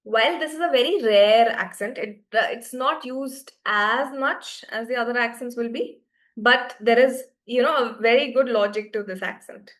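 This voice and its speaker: A woman's voice: on the high side, moderate pace. A woman teaching French to beginners in an online class, explaining patiently and often checking that students follow.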